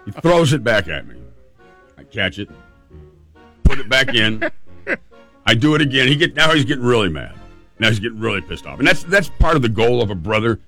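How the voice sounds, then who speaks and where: A man hosting a call-in radio talk show, telling a funny childhood story in a playful, animated way. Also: medium pitch, a little fast, pauses often, soft background music. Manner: lively, playful storyteller who acts out moments.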